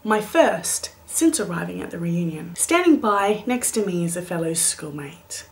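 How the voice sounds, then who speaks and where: A woman in her late twenties telling a comic story in a vlog, animated and playful, with dramatic whispered asides. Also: fairly low pitch, unhurried. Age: late 20s. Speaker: vlogger.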